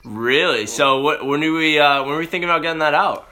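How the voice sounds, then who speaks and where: Very bright-voiced casual male host. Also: fairly high pitch, fast talker, slight background noise. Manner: laid-back, laughing, slangy. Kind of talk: casual podcast chat.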